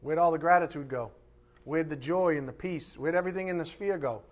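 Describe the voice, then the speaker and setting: A male pastor preaching a live sermon, reading scripture aloud and acting out voices in lively asides. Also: on the high side, brisk. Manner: animated preaching, reads scripture aloud, acts out God's voice in asides. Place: church sanctuary.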